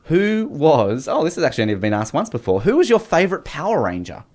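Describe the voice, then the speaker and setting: An Australian man hosting a podcast, joking and chatting casually. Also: a little high. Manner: quick, animated, joking. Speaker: podcast host. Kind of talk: casual chat.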